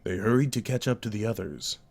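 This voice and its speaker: A man narrating a novel aloud in a live-streamed dry reading, deliberate and with occasional self-corrections. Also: fairly low pitch, creaky, a little mellow. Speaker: audiobook narrator.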